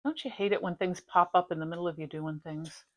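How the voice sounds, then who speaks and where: A middle-aged woman with a slightly low voice, talking in a loose, rambling way as she hosts her stitching vlog. She drifts between topics with easy asides and homely detail. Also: steady tone, brisk. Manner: chatty, rambling, warm-hearted. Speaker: flosstube host. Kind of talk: casual chat.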